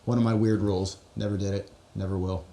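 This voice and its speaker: A man co-hosting a podcast, telling stories about playing music in an earnest, halting way. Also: fairly low pitch, flat delivery, gravelly, dark tone. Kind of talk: casual chat.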